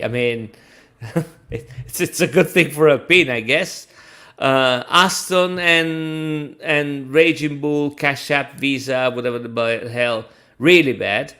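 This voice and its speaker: A man's voice: mid-range voice, bright, forceful tone. A man co-hosting a casual motorsport podcast, talking hesitantly with many fillers and restarts. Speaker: podcast co-host, F1 commentator. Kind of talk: casual chat.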